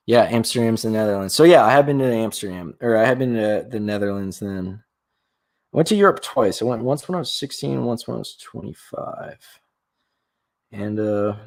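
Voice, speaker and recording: Gravelly-voiced young man chatting on a livestream. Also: medium pitch. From Florida, USA. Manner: rambling, chatty, with many restarts and fillers. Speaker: livestream host. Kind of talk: casual live-stream chat.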